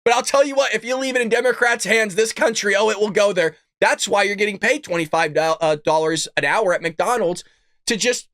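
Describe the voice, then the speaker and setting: A man hosting a political commentary livestream, mocking and excitable, often laughing and cursing in disbelief. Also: high voice, fairly quick, no room sound, clean studio sound. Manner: mocking, excitable, repeats lines. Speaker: show host.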